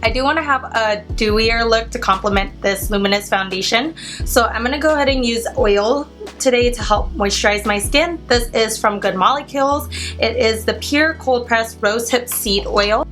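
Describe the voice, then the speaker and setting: A young woman talking through a makeup tutorial, her voice a bit high and stuffy from a cold. She chats casually and explains each product step by step, with soft music faintly under her. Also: moderate pace. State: congested from a cold. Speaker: beauty vlogger. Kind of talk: makeup tutorial talk to camera.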